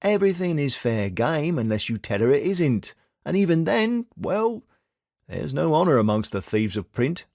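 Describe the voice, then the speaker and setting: At normal speed and with a creaky quality, a male narrator reads the part of a shrewd, steady young detective offering blunt advice. He sounds wry and reassuring, his pitch lively in its rise and fall, in a dry, close recording free of echo.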